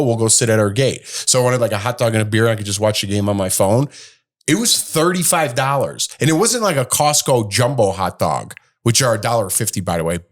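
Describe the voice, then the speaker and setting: Middle-aged man, podcast co-host, casual chat, animated grumbling storyteller. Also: mid-range voice.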